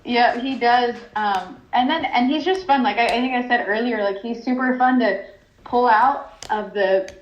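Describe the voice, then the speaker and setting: A woman's voice: on the high side, normal speed. A chatty woman, talking as a horse trainer in a casual interview. She laughs often and fills her speech with ums and restarts. The recording sounds roomy and slightly muffled. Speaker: horse trainer and stallion owner.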